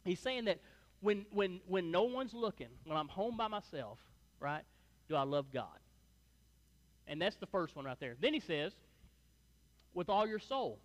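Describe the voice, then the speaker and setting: High-voiced man preaching casually. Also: lively intonation, measured pace, pauses often, in a large hall. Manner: conversational, folksy, tag questions like "right?" and "man". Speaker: pastor. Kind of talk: sermon. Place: church sanctuary before a congregation.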